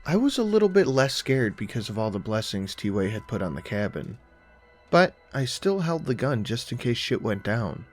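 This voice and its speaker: A man narrating a first-person horror story in a calm, conversational storytelling manner. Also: medium pitch, normal speed, faint music behind.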